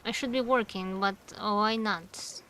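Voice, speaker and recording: A woman playing a story game, musing to herself and reading its text aloud, sounding names out haltingly. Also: mid-range voice, fairly bright tone, a little hiss or hum. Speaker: gamer.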